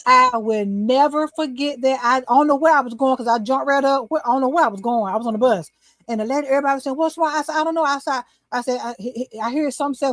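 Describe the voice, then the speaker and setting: Older woman telling a lively testimony. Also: sits high, fast talker, no room sound. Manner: animated testimony storytelling. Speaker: talk show host, guest. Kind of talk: casual chat, storytelling.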